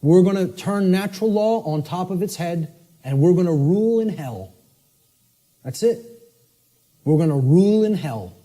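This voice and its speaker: A man giving a forceful, emphatic lecture, often checking in with "okay?" and spelling words out letter by letter. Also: sits high, expressive, moderate pace, long pauses.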